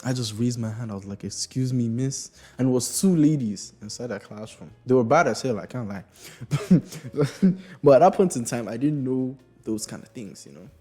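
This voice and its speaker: Animated young man telling a story. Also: mid-range voice, moderate pace, slightly rough, soft background music. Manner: animated, swears freely, laughs through lines. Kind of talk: casual comedic storytime.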